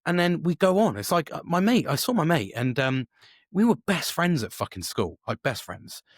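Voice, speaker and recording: Guy mid-forties rambling on his podcast, swears a lot, kinda high voice, dry close sound. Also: sing-song, normal speed, no echo. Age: 40s. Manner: rambling, swears often, many restarts. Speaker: podcast host. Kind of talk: casual solo monologue.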